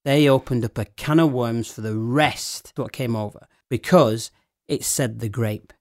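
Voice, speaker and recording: A middle-aged man talks about his wine business in a lively, story-telling way, breaking into laughter often. His voice sits in a middle pitch and is recorded dry and close. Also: moderate pace, no echo. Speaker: wine shop owner. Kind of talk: casual chat.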